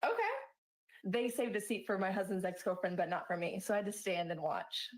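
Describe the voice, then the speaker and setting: A woman's voice: mid-range voice, a little fast, a little mellow. A woman telling a storytime monologue in an aggrieved tone.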